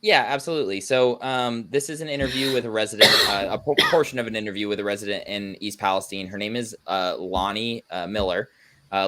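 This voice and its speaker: Journalist guest: man with a very low voice, earnest and explanatory, conversational. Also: a bit bright. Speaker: independent journalist as interview guest. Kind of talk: remote interview conversation.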